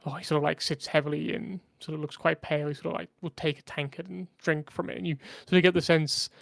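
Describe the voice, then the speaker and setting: A man's voice: on the high side, flat delivery, fast talker, vocal fry, fairly bright tone, no room sound. A man acting as game master, narrating a tabletop game in a casual, descriptive way.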